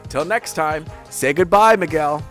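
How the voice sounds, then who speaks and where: A man's voice: on the high side, unhurried, a bit bright, faint music behind. A man hosting a podcast in casual chat, joking and thinking aloud with lots of fillers. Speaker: podcast host.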